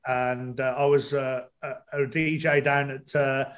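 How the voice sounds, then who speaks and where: A man's voice: mid-range voice, level tone, measured pace. A man, a stadium announcer and guest, telling his story at a casual pace with many fillers. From England. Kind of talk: casual interview chat.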